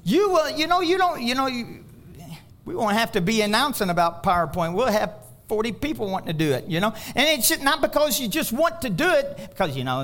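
High-voiced animated male pastor preaching. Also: a little fast. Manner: animated, rising to near-shouts on emphasis; tells stories with quoted dialogue. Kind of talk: sermon.

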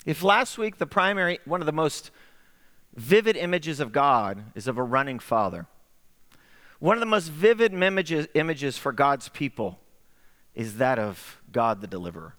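Bright-voiced pastor telling a story. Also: male voice, a little high, normal speed. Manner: animated storyteller, acts out quoted voices. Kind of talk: sermon storytelling. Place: church sanctuary. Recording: echoey sanctuary with long reverb.

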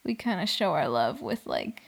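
A woman's voice: lowish voice, very animated, normal speed, vocal fry, breathy edge. A young woman in casual chat, recapping a dating show in a chatty, sarcastic way, full of "like" and little laughs. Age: young adult.

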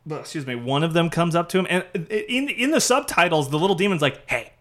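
Podcast co-host: male, higher voice, lively rambling recap, casual chat. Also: quick pace. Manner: animated, rambling retelling with many fillers.

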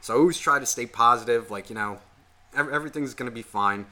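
Podcast co-host, man, bright animated delivery, profane and rambling. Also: medium pitch, fast talker. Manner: animated, heavy swearing, rambling storytelling. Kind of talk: casual profane chat.

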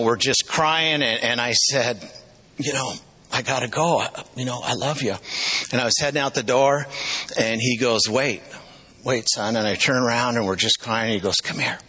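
A man's voice: medium pitch, sharp tone, rough recording. A middle-aged man preaching a sermon, telling personal stories with emotional, repetitive emphasis. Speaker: pastor.

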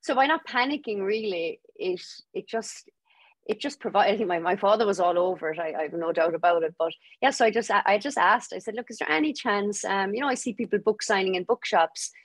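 Irish woman, young, tells it animated and laughing, mid pitch, dry mic. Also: a little fast, dry recording. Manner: lively, laughing storyteller acting out quoted voices. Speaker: guest author. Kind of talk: storytelling interview.

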